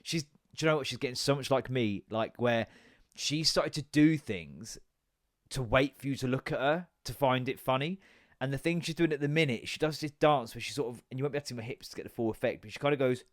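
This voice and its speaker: A man's voice: medium pitch, brisk, dry recording. Male podcast host in his thirties, comic, sweary, loose and rambling, dry close sound. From United Kingdom. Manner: jokey, swearing, rambling asides; comedic, stand-up performer. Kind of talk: casual chat.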